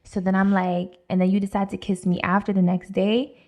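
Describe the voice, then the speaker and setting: Animated young woman telling a story. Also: mid-range voice, brisk. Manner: animated, voices other people, laughs often. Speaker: podcast co-host. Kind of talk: casual storytelling chat.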